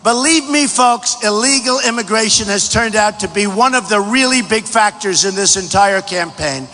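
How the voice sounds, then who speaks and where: A man delivers a rally speech in a high, bright voice that rings through a huge hangar with a long echo. He is boastful and repeats himself, and he often rises to a shout. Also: normal speed. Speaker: presidential candidate. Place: large packed hangar. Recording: echoey hangar hall.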